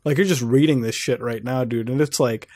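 A man's voice: mid-range voice, a little fast, darkish tone. A young man hosting a gaming channel, rambling and swearing casually as he browses websites and laughs at them. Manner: profane, rambling, laughs often.

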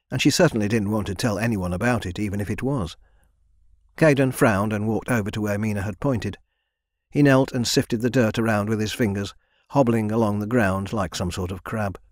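A man reading a young adult fantasy audiobook in an even, measured scripted narration. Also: fairly low pitch, no echo, studio quality.

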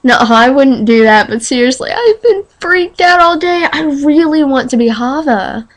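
A teenage girl with a slight lisp from retainers, vlogging at home in a dramatic, excitable way. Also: high-pitched, a little slow. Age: teens. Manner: excitable and dramatic, breaks into squealing panicked quotes. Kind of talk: casual vlog monologue.

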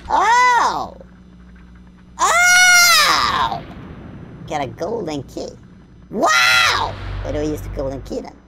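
A gravelly, low-pitched woman shouts her way through a video game, speaking quickly with few pauses and lively intonation. She hums, makes up nonsense words, and chats with herself in a silly, sing-song manner, all in a very noisy recording.

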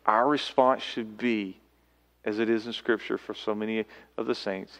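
A man delivers a sermon from the pulpit, his gravelly voice at a middling pitch. He swings between soft asides and loud, ringing calls when he speaks lines as scripture. A long church reverb trails each phrase. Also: normal speed. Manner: animated preaching, voices quotes aloud with sudden loud calls. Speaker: pastor. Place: church sanctuary.

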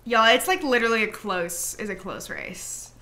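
A woman's voice: on the high side, expressive, moderate pace, sharp tone. A young woman streaming live, chatting casually to her viewers in a giggly, rambling way. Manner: giggly, rambling, talks to chat.

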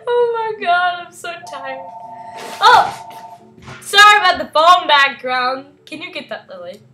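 A giddy woman hosts a casual gameplay video, giggling and goofing off. Her voice is high and bright, and she takes her time over the words. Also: lively intonation, slow pace, faint music behind, low-quality recording. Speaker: game video host.

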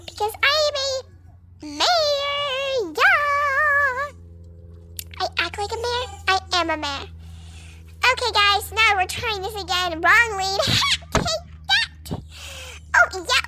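A woman voicing a cheeky young mare, a project pony, chatting playfully in a teasing comic voice-over with lots of "like". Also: extremely high pitch.

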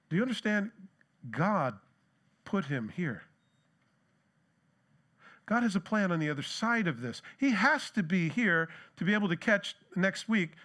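A man's voice: sits high, fairly bright tone. A middle-aged man giving a conversational sermon as pastor, asking the congregation rhetorical questions and telling anecdotes.

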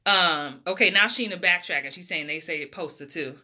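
Bright-voiced New woman chatting live. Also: on the low side, normal speed. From New York. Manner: chatty, laughs often, reads out viewer comments. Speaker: acting coach. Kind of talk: casual livestream chat.

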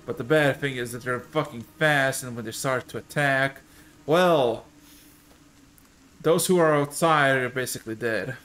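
A man's voice: mid-range voice, unhurried, fairly bright tone, close to an everyday voice. A man voicing a weary, foul-mouthed male guard captain in a tabletop game. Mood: gruff. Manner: swearing, blunt, tired.

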